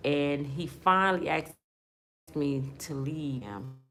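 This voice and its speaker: Low-voiced woman telling her testimony. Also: slow pace, fairly bright tone, a little hiss or hum. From Michigan, USA. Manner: earnest, emotional, conversational with casual grammar. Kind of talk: personal testimony storytelling.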